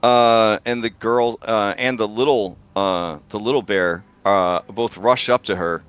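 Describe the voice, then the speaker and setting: A man's voice: on the low side, steady tone, measured pace, a bit bright, clean tone. A man narrating as game master, hesitant and full of uhs while he describes scenes. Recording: dull lo-fi sound.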